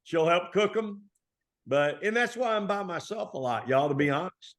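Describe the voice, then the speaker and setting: A middle-aged man from Texas, a basketball coach telling stories in a relaxed, folksy interview style full of colloquial turns. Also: sits high, moderate pace. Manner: folksy, animated storytelling with Southern colloquialisms. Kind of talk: conversational storytelling interview.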